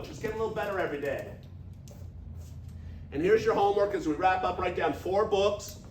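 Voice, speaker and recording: A man in his fifties giving an energetic, folksy motivational talk to a business audience, leading them in call-and-response. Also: high voice, a little hiss or hum. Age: 50s. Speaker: business speaker. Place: large echoey meeting room. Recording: echoey room recorded from far off.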